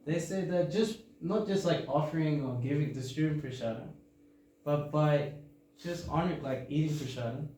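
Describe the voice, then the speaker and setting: A man from Australia with an Australian accent softened toward American, giving an informal, joking sermon to a temple audience and laughing often. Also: a little high, moderate pace. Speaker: temple speaker giving a scripture class. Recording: very echoey hall, faint background hum.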